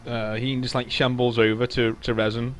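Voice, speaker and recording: A man's voice: medium pitch, flat delivery, normal speed, slight background noise. A man running a tabletop role-playing game as game master, narrating playfully with stammering restarts.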